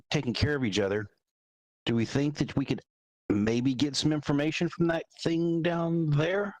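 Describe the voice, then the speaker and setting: A man speaks as a player in a tabletop role-playing game, floating ideas tentatively and clearing his throat now and then. He talks slowly, and the recording is dry, with no room sound. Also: medium pitch, no echo, rough recording. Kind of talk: tabletop role-play chat.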